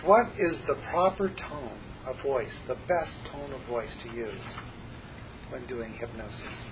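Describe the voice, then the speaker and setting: A man teaching a hypnosis class, jumping between a lively, joking lecture voice and soft, slow hypnotic demonstrations. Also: medium pitch, noisy background. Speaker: hypnosis instructor. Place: classroom with students.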